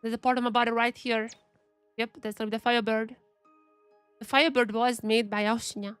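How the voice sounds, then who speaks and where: A woman's voice: a little high, level tone, fairly quick, fairly bright tone, clean tone, faint music behind. A young woman streaming a game, chatting casually and thinking aloud as she reads the game's text. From Eastern Europe. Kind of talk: casual gameplay commentary.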